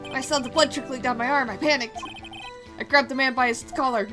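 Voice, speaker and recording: Lady playing a nervy young cop, high and loud, yells sir a lot, music behind. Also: steady tone, fast talker, lightly acted. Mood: eager. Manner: loud, ends lines with a barked "sir". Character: jittery eager young male police officer.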